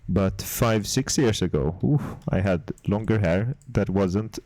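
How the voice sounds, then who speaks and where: A man streaming casual chat while making game art, reading viewer messages and putting on a deliberately terrible Swedish accent. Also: lowish voice, darkish tone, no room sound. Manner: chatty, reads out and answers viewer messages.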